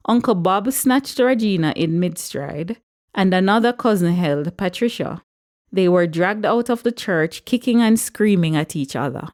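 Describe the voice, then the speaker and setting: Lively woman narrating a story. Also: deep voice. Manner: lively, character-driven reading. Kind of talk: audiobook narration.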